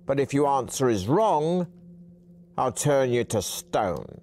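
A man voicing a sly, giggling white-haired old hermit who speaks in a high-pitched voice and threatens to turn people to stone. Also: big pitch swings, slow pace, darkish tone. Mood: gleeful menace. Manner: gleeful, menacing, chuckling.

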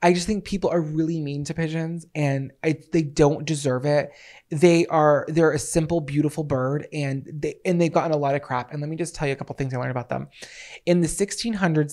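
A man co-hosting a podcast in casual chat, telling stories in an excitable, rambling, mock-dramatic way. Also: a little high, fairly quick. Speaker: podcast co-host.

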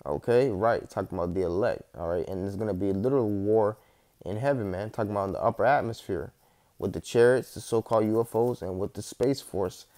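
Man, low voice, preachy scripture teaching, loud verse reading, says "man" a lot. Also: fairly quick. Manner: preachy, keeps saying "man" and "okay", reads verses loudly. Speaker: street preacher.

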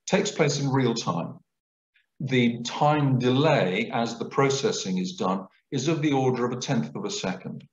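Male lecturer, lively explanatory delivery, echoey lecture-room recording. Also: medium pitch. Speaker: guest lecturer. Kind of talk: public lecture. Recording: roomy, dull lecture recording.

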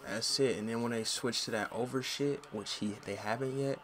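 A young man talks through his football video game in loose slang, ranting and swearing whenever a play goes wrong. His voice sits at an ordinary middle pitch, and his talk stays casual and chatty between the outbursts. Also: steady tone, normal speed. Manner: slangy, frustrated, yells and curses at the game. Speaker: gaming channel host. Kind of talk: casual gameplay commentary.

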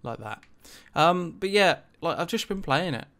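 A man's voice: fairly high pitch, expressive, moderate pace, a bit bright. A man giving casual gameplay commentary, rambling with lots of ums and likes and some swearing. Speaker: gaming channel host.

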